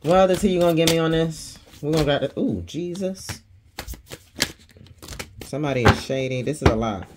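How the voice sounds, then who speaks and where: A man's voice: fairly high pitch, lively intonation, quick pace, hardly any pauses, noisy background. A man giving a casual tarot reading, chatty and slangy, laughing often and swearing freely. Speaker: tarot reader.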